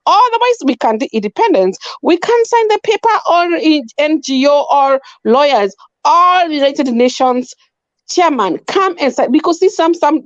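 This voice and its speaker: Kenyan woman, panel guest, high and fervent, repeats her points; dry, dull lo-fi audio. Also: no echo. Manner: emphatic, repetitive, mixes in Swahili. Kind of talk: impassioned political opinion.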